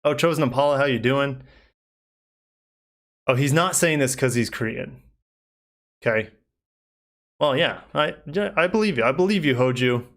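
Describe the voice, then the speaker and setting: A man's voice: medium pitch, animated, normal speed, long pauses, a bit bright. A young man hosting a casual live stream as a car reviewer, rambling easily through viewer comments with many fillers. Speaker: car reviewer and channel host.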